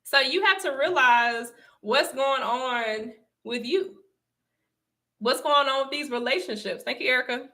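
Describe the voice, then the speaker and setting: A little slow, with a high-sitting, bright, forceful voice, a young Southern US woman hosts a casual livestream. She speaks to her viewers with emphatic repetition, breaking into frequent laughs.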